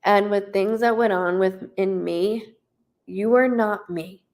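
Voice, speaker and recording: A woman's voice: medium pitch, fairly even intonation, takes it slowly, darkish tone. A woman in her thirties giving a live psychic reading, chatty and rambling as she relays messages. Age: 30s. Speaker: psychic medium.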